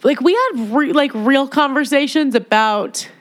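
A woman's voice: high voice, animated, a little slow. Profane joking woman in a casual monologue. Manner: slips into mocking voices.

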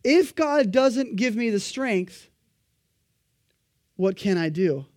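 A man preaching a sermon, animated and emphatic, acting out the voices of the people he quotes. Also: sits high, takes it slowly, no room sound, clean studio sound.

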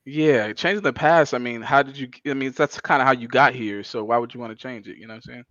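A man's voice: medium pitch, fast, fairly bright tone, no room sound. Laid-back male guest, short answers, muffled lo-fi dry recording. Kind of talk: casual chat. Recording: dull lo-fi dry sound.

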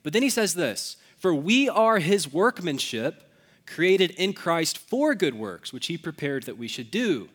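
A man's voice: fairly high pitch, very animated, unhurried, fairly bright tone. A young adult man preaching a sermon as pastor, conversational and self-deprecating, with casual asides.

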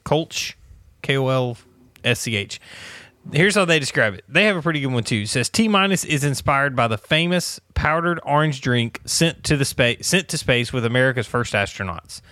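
A man co-hosting a casual beer podcast, laughing often and agreeing quickly. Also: medium pitch, lively intonation, sharp tone, no room sound, studio quality. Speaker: podcast co-host. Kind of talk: casual chat.

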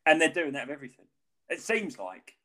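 A man's voice: a little high, big pitch swings, fairly quick, pushed and bright. A man co-hosting a podcast, chatting casually in a rambling way and swearing freely. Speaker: podcast co-host. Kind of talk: casual chat.

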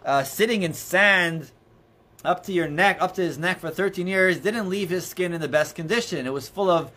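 A man leads an informal Torah class in a slightly high voice. He tells the story conversationally, circling back with restarts and filler words. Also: normal speed, bright, forceful tone. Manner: conversational, many restarts and "you know"s, storytelling. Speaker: rabbi teaching a class. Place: indoors near books.

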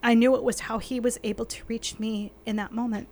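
A woman's voice: on the high side, little pitch movement, brisk, darkish tone. A woman co-hosting a faith podcast, talking in an effusive, emotional way with frequent laughter.

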